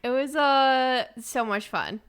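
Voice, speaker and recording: A woman's voice: high-pitched, slow pace, fairly bright tone, smooth. A woman co-hosting a podcast in casual chat, cheerful and chatty, laughing easily. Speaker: podcast co-host.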